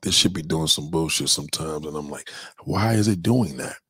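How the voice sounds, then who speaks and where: A man hosting a casual livestream, giving shout-outs to viewers and ranting in a profane, confrontational way. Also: very deep voice, moderate pace, husky, dry recording, studio quality. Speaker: livestream host.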